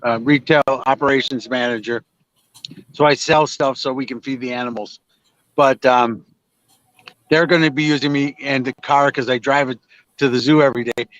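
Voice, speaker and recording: A man's voice: medium pitch, fairly bright tone, a little hiss or hum. An older man, a psychic medium guest, telling stories in a chatty, self-mocking way with many restarts, talking from his car on a video call. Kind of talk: casual storytelling interview. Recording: dry, dull lo-fi sound.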